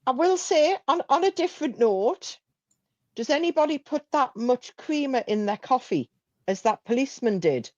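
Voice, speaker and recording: A woman's voice: sits high, animated, normal speed, darkish tone, no room sound. Chatty woman, dry dull mic. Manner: chatty, laughs easily, reads chat aloud. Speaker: livestream co-host. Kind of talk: casual chat.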